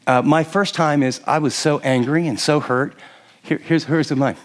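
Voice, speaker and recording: An older male pastor with a fairly high voice, preaching in an animated, conversational way. He slips into quick little impressions of spouses talking to each other, stumbling over and restarting his phrases as he goes. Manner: animated, acts out quoted spouses, frequent restarts. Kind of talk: sermon teaching to a live audience.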